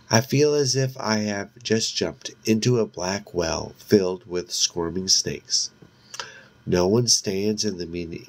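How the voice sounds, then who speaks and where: A man narrating a novel aloud in a very deep voice. He reads slowly and steadily, taking his time over each phrase, now and then stumbling on a word and correcting himself. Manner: measured, steady reading with occasional slips. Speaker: audiobook narrator.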